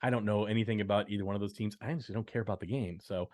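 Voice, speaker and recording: A man's voice: on the low side, steady tone, rapid-fire, a little mellow, dry recording. A man co-hosting a podcast, upbeat as he announces football picks, with dry asides. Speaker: podcast co-host. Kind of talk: casual sports-picks chat.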